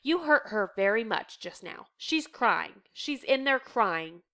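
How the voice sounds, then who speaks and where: Calm, kind middle-aged father, measured and gentle; a woman reads him. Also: mid-range voice, full character voice.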